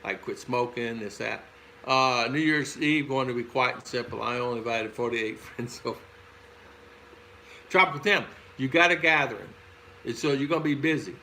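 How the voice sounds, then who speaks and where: A man's voice: medium pitch, normal speed, vocal fry, pushed and bright, a little hiss or hum, low-quality recording. An older man with a Southern American accent, hosting a casual livestream and chatting through viewer comments with frequent chuckles. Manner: rambling, chuckles often. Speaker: host. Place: home in the Philippines.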